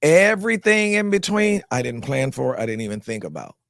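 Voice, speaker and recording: A man from North Carolina tells his story at a rapid clip, acting out the voices of people he met. He often stumbles and repeats words as he restarts a thought. His voice is close and dry, with no room sound around it. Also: medium pitch, gravelly, no room sound. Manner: animated storyteller who acts out quoted people. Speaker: actor guest. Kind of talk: storytelling in a live interview.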